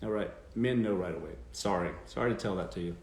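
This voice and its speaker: A man's voice: low-pitched, fast talker, gravelly, darkish tone, roomy sound. A man hosting a live stream, giving dating advice in a blunt, emphatic rant and swearing freely. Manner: blunt, emphatic, swears, mocking quoted voices.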